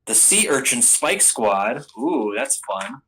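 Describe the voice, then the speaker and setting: A man's voice: mid-range voice, sing-song, slow pace, a bit bright, a little hiss or hum, rough recording. A man giving a casual, rambling spoken recap of anime episodes, full of ums and restarts.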